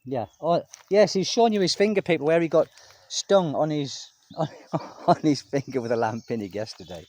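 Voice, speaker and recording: A man's voice: on the high side, lively intonation, moderate pace, a little mellow. A middle-aged man talking casually to camera in his garden, rambling and chatty, speaking to viewers as people. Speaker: expat vlogger. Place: outdoors in a home garden.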